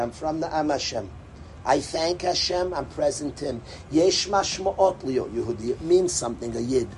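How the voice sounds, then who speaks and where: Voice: medium pitch, darkish tone, a little hiss or hum, rough recording. An adult giving an impassioned religious talk to a gathering, emphatic and repetitive, with broken-off phrases and Hebrew and Yiddish terms mixed in. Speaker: speaker addressing a religious gathering.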